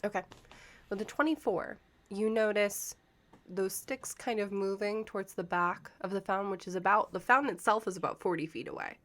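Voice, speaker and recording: A woman running a tabletop game as game master, describing scenes in a measured, descriptive way. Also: mid-range voice, a bit bright.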